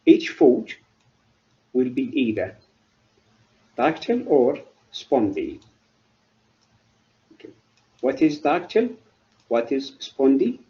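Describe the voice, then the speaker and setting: A middle-aged man giving a university literature lecture, halting and often asking then answering his own questions. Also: medium pitch, wildly swooping pitch, dark tone, muffled recording. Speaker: literature professor.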